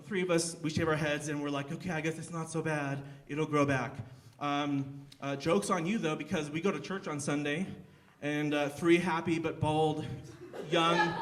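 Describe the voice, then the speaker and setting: Young male stand-up comic, slightly high voice, rambling self-deprecating delivery on a theater stage mic. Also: fairly bright tone. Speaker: stand-up comedian. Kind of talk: live stand-up set.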